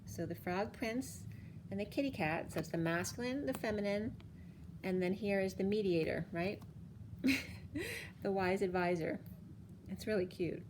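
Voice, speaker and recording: A woman giving a casual spiritual card reading, chatty and quick to laugh, with emotional asides. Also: mid-range voice, background noise.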